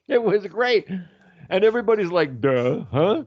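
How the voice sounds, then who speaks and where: A man talking loudly and animatedly on a radio show, telling stories and acting out what others said. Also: high-pitched, moderate pace, dry recording, highs cut off. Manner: loud, animated storyteller who acts out quotes. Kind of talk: casual radio chat.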